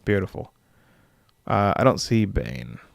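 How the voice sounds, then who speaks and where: A man's voice: deep voice, big pitch swings, a little slow, vocal fry, no room sound, clean studio sound. A young man casually hosting a live stream as dungeon master, rambling with filler words and chuckling as he reads viewer comments.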